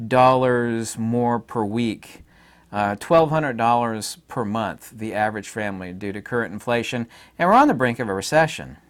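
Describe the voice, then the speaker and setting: A middle-aged man hosting his own channel, giving a rambling, opinionated monologue full of fillers and asides. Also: mid-range voice. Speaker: channel host. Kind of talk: casual monologue to camera.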